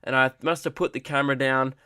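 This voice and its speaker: A man's voice: mid-range voice, steady tone, quick pace, bright, forceful tone, clean tone, no room sound, clean studio sound. A man hosting a comedy podcast, telling a story casually, rambling with restarts and fillers and swearing freely.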